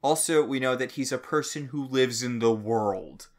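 Brief: mid-pitched man co-host, disbelieving and ranty, casual chat. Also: normal speed, darkish tone. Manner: incredulous, ranting, swears. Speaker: podcast co-host. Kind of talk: casual book-club chat.

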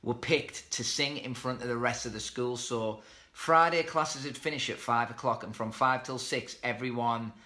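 A man's voice: mid-range voice, moderate pace, bright, forceful tone. A man, chatting casually on a live stream and answering viewer comments. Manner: chatty, reads out viewer comments, self-deprecating. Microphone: webcam or phone mic.

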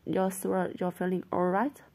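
A woman's voice: on the low side, little pitch movement, moderate pace, a little mellow. A woman reading as a tender, loving mother. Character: loving mother of a teenage girl.

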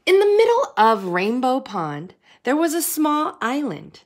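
A woman reading a picture book aloud to children in an expressive, sing-song way, like a teacher. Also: sits high, measured pace. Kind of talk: storybook read-aloud.

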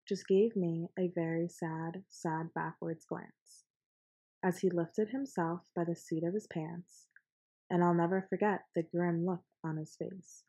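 A woman reading a rhyming picture book aloud to children in a steady storytelling voice. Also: fairly low pitch, gravelly, breathy edge. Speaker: storybook reader.

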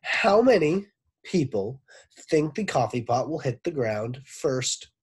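A man's voice: mid-range voice, big pitch swings, slow pace, husky, pitched above the performer's own voice, heavily acted. A man voicing a kindly old female schoolteacher, sweet-voiced with a stern edge, in a storybook reading. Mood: sweet, chipper.

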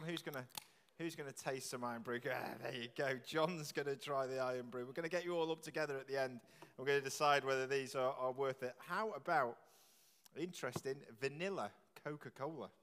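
In a large, reverberant church, a man leads the service in a jokey, chatty style, quizzing people of all ages with quick questions. His voice is a little high and a bit bright, heard echoey and from a distance.

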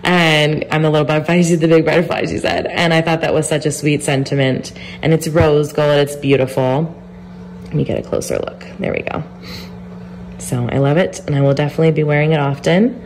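Young woman vlogger, stuffy nose, low pitch, casual chatter. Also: fairly even intonation, a little fast, darkish tone, a little hiss or hum. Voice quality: nasal. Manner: chatty, gushing, talks in a sing-song voice to her dog. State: congested with a cold. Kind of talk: casual vlog chat.

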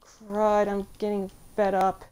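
A woman's voice: mid-range voice, monotone, slow pace, mellow, clear, resonant tone. Exasperated gamer woman grumbling at gameplay. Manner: exasperated, grumbling at the game with sudden outbursts. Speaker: let's play gamer. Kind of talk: casual gameplay commentary.

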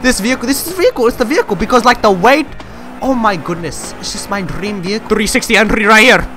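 A young man giving jokey, boastful gameplay commentary, swinging from mumbled asides to yelling. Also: sits high, lively intonation, quick pace. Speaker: gaming channel host. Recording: game music loud behind the voice. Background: loud game music and car engine sounds.

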